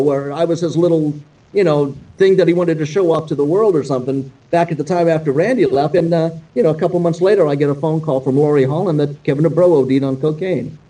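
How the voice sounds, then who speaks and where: A male guest guitarist telling stories in a casual, animated, profane way, acting out the dialogue he quotes. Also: fairly high pitch, recorded from a distance, rough recording. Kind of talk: casual storytelling.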